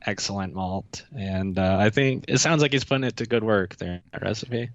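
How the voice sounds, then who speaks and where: A man's voice: on the low side, a little fast, no echo, muffled recording. A man speaking as a guest brewer in a casual chat, easygoing with frequent fillers.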